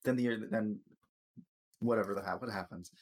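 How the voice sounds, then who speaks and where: A man's voice: on the low side, normal speed, darkish tone. A man hosting a casual chat, rambling and swearing through a TV episode recap, stumbling over words and laughing.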